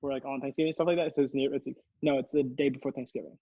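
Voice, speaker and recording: A man's voice: medium pitch, steady tone, very fast, slightly rough, no echo, dull audio. A young man, a podcast co-host, telling a long story in casual chat, rambling and laughing, with many restarts. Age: young adult.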